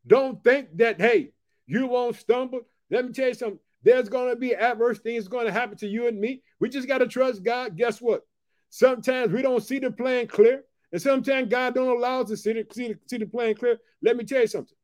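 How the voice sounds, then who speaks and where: A man giving a casual late-night Bible teaching. He preaches with fervor, keeps asking his listeners whether they heard, and reads the scripture verses slowly and deliberately. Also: extremely high pitch, darkish tone.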